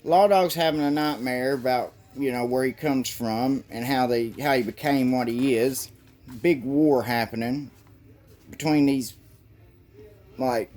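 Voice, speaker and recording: A man's voice: mid-range voice, unhurried, a little mellow. Rambling casual man reviewing comics. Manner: rambling and loose, with swearing and stumbles.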